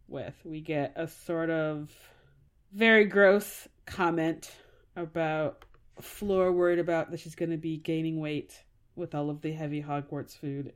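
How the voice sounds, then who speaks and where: Lively, animated woman co-host. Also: deep voice. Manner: animated, swearing, laughing. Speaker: podcast co-host. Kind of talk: casual chat.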